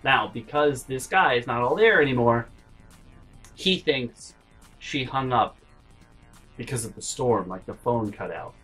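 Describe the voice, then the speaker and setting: A man's voice: mid-range voice, unhurried, pauses often, sharp tone, husky, soft background music, low-quality recording. A man hosting a storytime vlog, rambling and interrupting himself, dropping to mutters. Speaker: vlog host.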